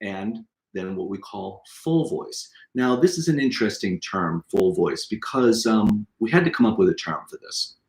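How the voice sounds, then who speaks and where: Over a low-quality recording, a middle-aged voice teacher from around Boston explains his material in an online lesson, singing examples as he goes. His accent is Bostonian, his pitch fairly low, his intonation lively and his pace moderate.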